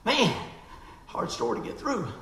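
Gravelly preacher man telling a story. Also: extremely high pitch, measured pace, roomy sound, slight background noise, poor audio. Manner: animated storyteller, acts out quoted voices. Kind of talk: storytelling sermon.

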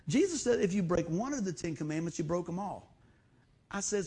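A middle-aged pastor delivers a sermon in church. His voice sits high and carries a husky edge. He tells homespun stories and acts out the voices of people he quotes. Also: animated, fairly quick, darkish tone.

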